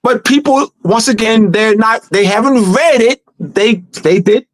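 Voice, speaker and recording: A man with a high voice, recorded dry and close. He hosts a live teaching discussion and drives his points home with emphatic repetition. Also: unhurried, no room sound. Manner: emphatic and repetitive, urging listeners. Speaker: host.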